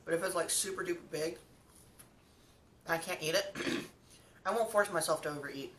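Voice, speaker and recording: Bright-voiced woman chatting over a meal. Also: on the low side, moderate pace, far from the mic. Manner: chatty, lots of fillers like um and like. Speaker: mukbang vlogger. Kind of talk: casual storytelling while eating.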